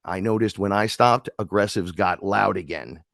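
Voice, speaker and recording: A man's voice: lowish voice, moderate pace, gravelly, dry recording, clean studio sound. A man talking as a guest, telling rambling, emphatic spiritual stories and acting out the voices of the people in them. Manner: animated, acts out the voices in his stories. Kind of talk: spiritual storytelling chat.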